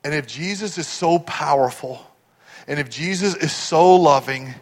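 A middle-aged male pastor preaching a sermon, swinging from hushed, tender asides to loud, rising build-ups. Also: on the high side, unhurried, big-room sound.

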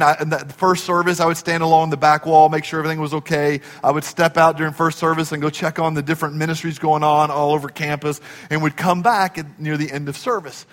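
A man preaches with a high, lifting voice, impassioned and pressing his points to near shouts. His words ring out in a big church sanctuary with a long hall reverb trailing after each phrase. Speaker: pastor. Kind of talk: sermon.

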